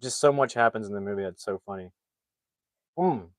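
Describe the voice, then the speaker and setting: Low-voiced man rambling through a plot. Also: a little fast, dry recording. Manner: rambling, with many fillers and restarts. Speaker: film reviewer. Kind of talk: casual plot retelling.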